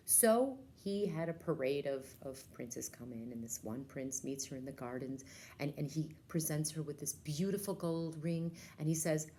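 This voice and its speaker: A woman's voice: sits low, normal speed, mellow, a little hiss or hum. A woman librarian giving a casual, enthusiastic book talk and retelling a story, with lots of ums and uhs.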